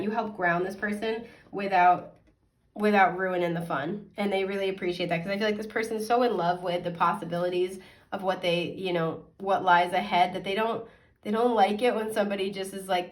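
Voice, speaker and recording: A woman's voice: mid-range voice, moderate pace. Chatty giggly woman reading tarot. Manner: chatty and giggly, with frequent fillers. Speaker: tarot reader. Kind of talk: casual tarot reading to camera.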